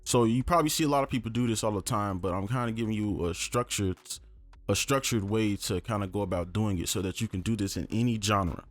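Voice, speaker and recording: In a casual screen-recorded tutorial, a young man teaches beat production as he works, relaxed and conversational, with lots of fillers like "um" and "right?". His voice is on the low side and quick, with no echo and soft music in the background.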